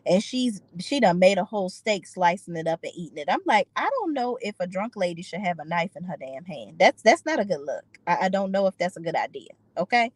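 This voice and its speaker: A woman's voice: on the low side, big pitch swings, brisk, hardly any pauses, no room sound, poor audio. A woman giving an opinionated, sassy recap of a reality TV episode, slipping into voices for the people she quotes. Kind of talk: casual recap commentary.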